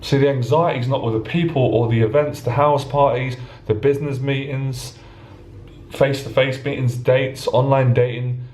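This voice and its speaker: A man's voice: medium pitch, steady tone, moderate pace, a little mellow. A man coaching on social anxiety in an earnest, passionate monologue, acting out anxious thoughts. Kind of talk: motivational monologue to camera. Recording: roomy echo.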